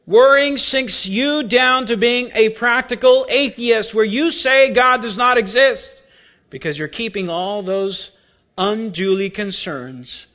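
A male preacher with a fairly high voice delivers a sermon at an unhurried pace. He is deliberate and often repeats key words to drive a point home. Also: pushed and bright.

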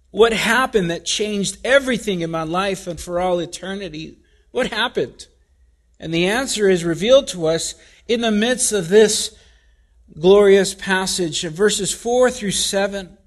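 Male pastor, higher voice, measured unhurried sermon delivery with emphatic repetition. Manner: deliberate, emphatic preaching with repetition.

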